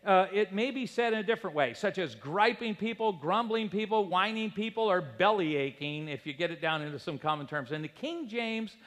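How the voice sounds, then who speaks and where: A middle-aged man preaching a sermon in a church, lively and animated, acting out quoted voices as he goes. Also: high voice. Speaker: pastor. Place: church sanctuary. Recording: long hall reverb.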